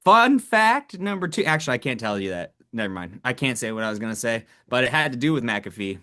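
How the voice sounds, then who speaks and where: A man co-hosting a sports podcast in a loose, laid-back chat. He laughs easily and drops casual swears as he tells stories. His voice sits at an ordinary middle pitch. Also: very animated, brisk, pushed and bright. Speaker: podcast co-host.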